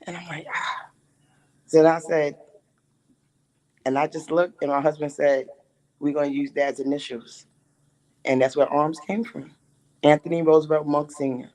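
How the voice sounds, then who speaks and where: A woman who is a music manager, a guest on a talk show, telling her story in a lively way. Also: low voice, moderate pace, pauses often, rough recording. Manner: animated storytelling, quoting others.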